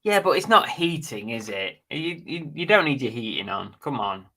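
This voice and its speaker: A man's voice: medium pitch, big pitch swings, normal speed, creaky, bright, forceful tone. A man hosting a casual live stream, chatting bluntly and jokily while reading out viewer comments.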